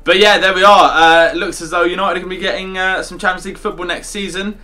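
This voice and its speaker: A young man hosting a gaming channel, chatting in relaxed banter and wrapping up with call-outs to viewers. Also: high-pitched, quick pace, music in the background. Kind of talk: casual gaming chat.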